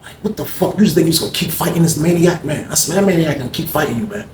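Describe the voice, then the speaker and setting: A man animatedly telling a story, acting out other people's voices in loud, high bursts. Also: lively intonation, rapid-fire. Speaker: storyteller recounting jail events. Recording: echoey room with faint background noise.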